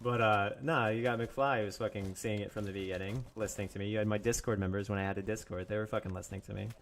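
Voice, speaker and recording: A man's voice: fairly low pitch, steady tone, quick pace, slight background noise. Young guy ranting on his livestream, cussing nonstop, mocking people with silly voices. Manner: angry, profane, mocking, laughs often; mimics others in mocking voices. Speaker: YouTuber live streamer. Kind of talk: profane live-stream rant.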